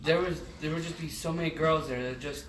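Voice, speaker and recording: A man's voice: fairly high pitch, steady tone, a little fast, a bit bright. Hesitant young man, distant and echoey. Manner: hesitant, many "like" fillers and restarts. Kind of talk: casual testimony. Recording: distant echoey room with background noise.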